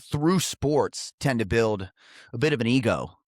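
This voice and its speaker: A man's voice: medium pitch, lively intonation, unhurried, no room sound, clean studio sound. A man hosting a podcast interview, who speaks in a reflective and affirming way. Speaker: podcast host, former football player. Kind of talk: casual interview.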